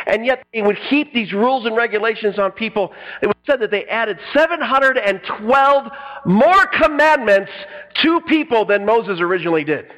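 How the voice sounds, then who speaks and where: A middle-aged man preaching a sermon in an animated style, acting out quotes and breaking into sudden loud bursts. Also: sits high, moderate pace, highs cut off. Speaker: pastor.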